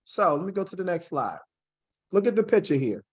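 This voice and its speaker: A man's voice: high-pitched, big pitch swings, husky. A man teaching a Bible study class. He reads scripture aloud and works through Hebrew word roots, checking in with "right?" as he goes. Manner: spells out Hebrew words slowly. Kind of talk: classroom Bible lesson with slides.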